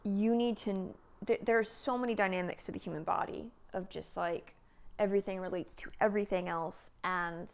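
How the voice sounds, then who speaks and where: A woman in her early thirties talking casually and at length in a vlog, meandering with lots of "like"s and sighs, sometimes sinking to a soft near-whisper. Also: mid-range voice, steady tone, moderate pace. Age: 30s. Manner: chatty, meandering, many "like"s and sighs. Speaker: vlogger.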